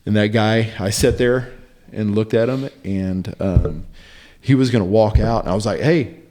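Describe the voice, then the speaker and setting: A man telling a long personal story in casual podcast chat, halting and animated, with frequent fillers and restarts. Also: fairly low pitch. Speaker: podcast guest.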